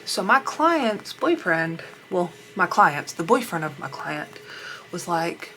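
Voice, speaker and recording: A woman's voice: lowish voice, expressive, unhurried, a bit bright, a little hiss or hum. Chatty woman telling a wild story. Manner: chatty, rambling, laughs often, swears casually. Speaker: beauty vlogger. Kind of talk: casual storytelling while doing makeup.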